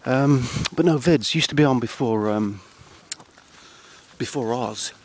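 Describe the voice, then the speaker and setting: A man speaking outdoors on a countryside path in a hesitant, halting, dry deadpan ramble full of ums and restarts. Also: mid-range voice, low-quality recording. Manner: dry, self-deprecating. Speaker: comedy vlogger.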